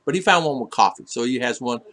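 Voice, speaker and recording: A man talking casually on a home livestream, greeting viewers by name and answering their comments. He rambles, stops and restarts often, and fills gaps with lots of "uh". His voice sits at a middle pitch. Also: lively intonation, fast talker, a bit bright. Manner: rambling, many fillers and restarts. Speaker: livestream host reading chat. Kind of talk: casual live chat. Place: home in the Philippines.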